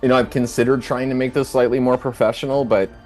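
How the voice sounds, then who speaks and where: A man's voice: mid-range voice, little pitch movement, fast, a little mellow, soft background music. An American man running a tabletop game, chatting casually, rambling and swearing with lots of fillers. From United States. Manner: rambling, laughing, swearing freely. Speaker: game master.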